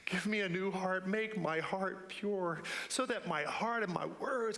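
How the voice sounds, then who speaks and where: Pastor, male, bright high voice, earnest sermon delivery, church reverb. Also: a little slow, few pauses. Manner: earnest preaching, rising to emphatic repetition. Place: church sanctuary. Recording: long church hall reverb.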